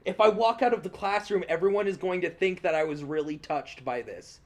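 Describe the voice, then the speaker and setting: Young male podcast host, high voice, animated, cursing storyteller. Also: a little fast. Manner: animated, swears often, laughs while telling stories. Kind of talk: casual storytelling.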